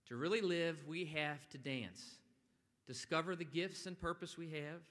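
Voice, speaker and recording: A man giving a motivational speech at a public event, animated and now and then bursting into loud quoted lines. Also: fairly high pitch, normal speed. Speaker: event speaker. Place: large stone atrium. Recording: long echo of a large hall.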